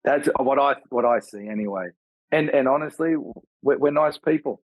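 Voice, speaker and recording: An Australian man from Australia, a podcast guest talking in a mellow, laid-back way in casual interview chat. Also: medium pitch, normal speed, no echo, rough recording. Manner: mellow, laid-back, drops in "mate" often. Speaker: guest, former pro rugby player.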